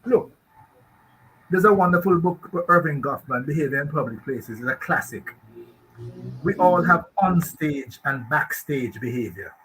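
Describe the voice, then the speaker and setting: Jamaican man, radio guest expert, emphatic and rambling, bright somewhat high voice. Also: animated, moderate pace, slight background noise, rough recording. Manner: emphatic, rambling, asks rhetorical questions. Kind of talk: radio talk show discussion.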